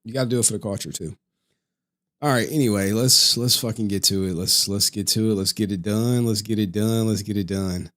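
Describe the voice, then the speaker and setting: A man's voice: lowish voice, brisk, fairly bright tone. A young man hosting a casual late-night stream, tired from no sleep, rambling, swearing and laughing often. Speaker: streamer host.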